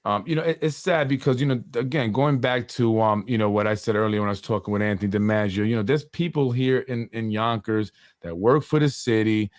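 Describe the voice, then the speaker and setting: A man's voice: lowish voice, a little fast, hardly any pauses, dry recording, clean studio sound. A man hosting a political talk show, indignant and full of rhetorical questions. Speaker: host.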